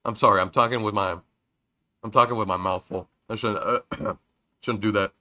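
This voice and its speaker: A young man casually chatting while playing a story game, reading its lines aloud and joking loudly between them. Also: on the low side, fairly even intonation, moderate pace, no room sound. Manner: chatty, jokey, reads game lines with loud outbursts. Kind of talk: casual let's-play commentary reading dialogue aloud.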